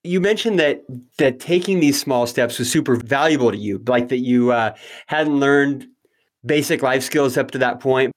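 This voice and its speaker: Male podcast host, casual interviewer, self-deprecating and quick with asides. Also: mid-range voice.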